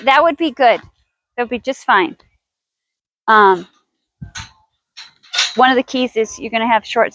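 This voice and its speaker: A woman's voice: on the high side, a bit bright, no echo, poor audio. A woman horse trainer teaching outdoors in a riding arena, chatty and thinking aloud with restarts as she coaxes her horse.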